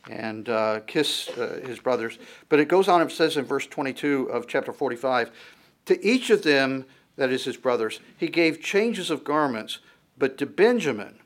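Man reading scripture in a sermon. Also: mid-range voice. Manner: reads verses aloud then comments in a conversational tone, with restarts. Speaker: preacher.

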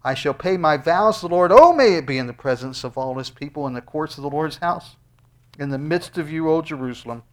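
Preaching pastor, male, higher register; dynamic delivery from loud peaks to hushed lows. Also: expressive, brisk. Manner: swings between loud, high exclamations and hushed, low asides. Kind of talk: sermon with scripture reading and closing prayer.

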